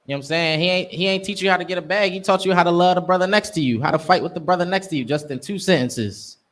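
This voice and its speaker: A man's voice: high-pitched, quick pace, a bit bright. A young man teaching a scripture class, preaching emphatically in street slang. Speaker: class instructor.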